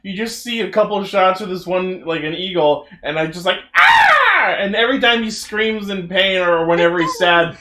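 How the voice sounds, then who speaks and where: A man co-hosting a podcast in casual chat, excitable and joking, laughing often. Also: high voice, a little fast, few pauses, roomy sound. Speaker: podcast co-host.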